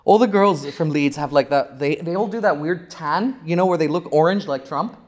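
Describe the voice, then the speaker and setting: A man's voice: on the high side, normal speed. A man hosting a casual podcast chat, blunt and mocking, with frequent swearing. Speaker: podcast host.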